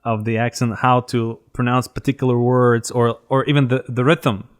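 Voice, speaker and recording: A man's voice: mid-range voice, little pitch movement, moderate pace. Hesitant man hosting an interview. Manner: hesitant, restarts with fillers. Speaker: podcast host. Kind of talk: casual interview conversation.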